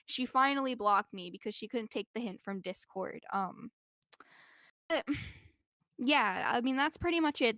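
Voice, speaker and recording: A woman's voice: mid-range voice, a bit bright, dry recording, studio quality. A young woman talking casually in an interview, rambling and filling her talk with "like", recorded on a laptop microphone. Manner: rambling, heavy use of "like". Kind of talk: casual chat. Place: indoors while traveling. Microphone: laptop mic.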